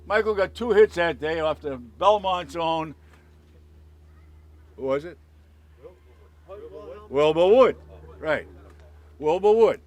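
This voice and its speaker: A man telling animated stories at an outdoor dedication, loudly acting out the voices of the people he quotes. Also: a little high, takes it slowly, pauses often, dull audio. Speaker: speaker at a dedication. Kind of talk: storytelling speech. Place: outdoor ballfield ceremony.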